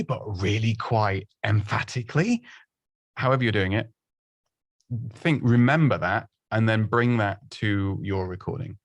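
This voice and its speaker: A man's voice: on the low side, no room sound. A man giving casual, chatty presenting advice, self-deprecating and full of restarts and little laughs. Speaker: presenting coach.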